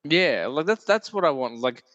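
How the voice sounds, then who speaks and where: A man's voice: fairly high pitch, lively intonation, normal speed, a bit bright, no echo, long reverb tail, muffled recording. A man hosting a film podcast, chatting casually with many "like" fillers and easy laughs. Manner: rambling, lots of "like" fillers, laughs often. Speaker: podcast host. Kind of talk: casual chat.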